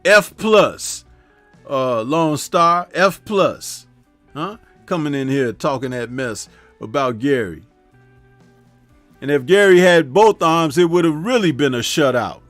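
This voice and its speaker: Male stream host, voice a touch high, dry close sound, jokey and conversational, reads out and answers chat. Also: expressive, slow pace, a bit bright, no echo, faint music behind. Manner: laughs at his own jokes, keeps tagging remarks with "huh?"; reads viewer chat aloud and talks back to it. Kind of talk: casual live-stream commentary.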